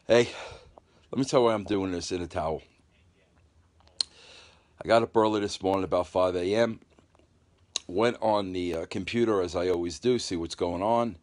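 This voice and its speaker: A man's voice: sits low, a little mellow. A man chatting casually on a live phone stream from home, rambling with fillers and reading out viewer comments. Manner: loose, rambling talk with "bro" and many fillers; reads viewer comments aloud and replies. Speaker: livestream host. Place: at home, just out of the shower.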